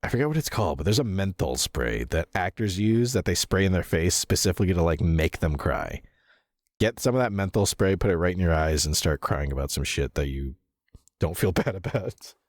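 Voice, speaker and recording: A man's voice: deep voice, expressive, brisk, dry recording, clean studio sound. A man streaming a game, chatting casually with viewers and reading out their messages, laughing often and swearing casually, with lots of fillers. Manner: rambling, with fillers and self-corrections.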